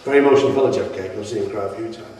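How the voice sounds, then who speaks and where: A man's voice: lowish voice, racing, darkish tone. A middle-aged man tells wrestling stories in an interview at his home, rambling with many restarts. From Britain. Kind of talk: anecdotal interview storytelling. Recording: echoey room, mic at a distance.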